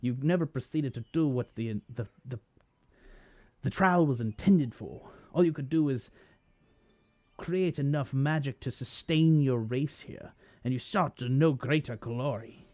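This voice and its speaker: A man playing sneering male villain, gloating, slow scornful taunts, game character. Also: mid-range voice, warm tone, close to an everyday voice. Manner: mocking, scornful, laughing at his foe. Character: gloating male villain rolling in a hamster ball.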